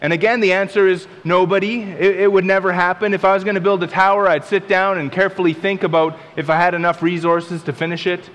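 A man with a fairly high voice delivers a relaxed, conversational sermon, unpacking scripture and slipping into acted-out asides. His words ring with the long reverb of a large hall. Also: fast talker, few pauses. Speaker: preacher.

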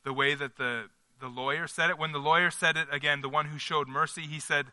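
A male pastor delivering a conversational sermon at a church service, earnest and emphatic as he thinks his points through aloud. His voice is strikingly bright and sits a little high. The sound is close and dry. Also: fairly even intonation, brisk, dry recording.

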